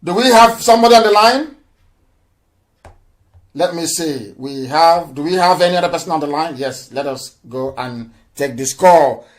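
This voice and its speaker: A man's voice: on the high side, lively intonation, normal speed. A man hosting a live call-in broadcast in a defiant, boastful and emphatic way. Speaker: call-in show host.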